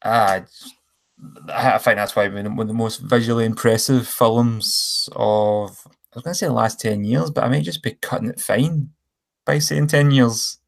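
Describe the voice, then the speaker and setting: Gravelly man chatting films. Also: mid-range voice, normal speed. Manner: enthusiastic, rambling, self-correcting. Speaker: podcast co-host. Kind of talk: casual film chat.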